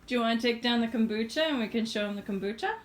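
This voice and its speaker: Chatty woman, slightly high voice. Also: rapid-fire. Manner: chatty, laughs often, relaxed with fillers. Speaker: homesteading vlogger. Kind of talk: casual chat to camera. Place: home kitchen indoors.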